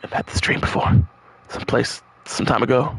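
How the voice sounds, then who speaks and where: A man reading a game's lines as a young, earnest male defense attorney, in a low, quiet, reflective voice. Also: a little fast, close to an everyday voice.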